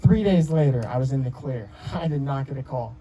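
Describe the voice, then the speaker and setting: A man's voice: mid-range voice, fairly quick, warm tone, dull audio, slight background noise. A young man in his twenties giving a heartfelt wedding speech as the groom, telling stories with many restarts and fillers. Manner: rambling storytelling with many restarts. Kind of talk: emotional personal speech.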